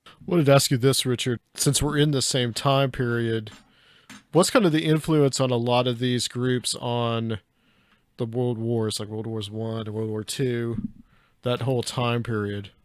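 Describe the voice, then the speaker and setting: A man's voice: mid-range voice, steady tone, measured pace, no echo. A man hosting a podcast interview, asking questions in a casual, conversational way. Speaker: podcast host.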